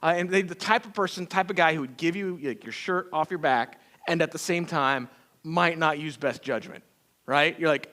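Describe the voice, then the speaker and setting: A man preaching a sermon as pastor, telling stories in a folksy, animated way with acted-out quotes. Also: a little high, fairly quick. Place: church sanctuary.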